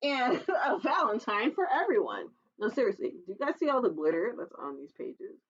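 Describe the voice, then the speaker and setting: Very animated and speaking at normal speed, a children's librarian reads a picture book aloud for storytime, with the highs cut off in the audio. She chats playfully with the kids and makes squeaky animal noises.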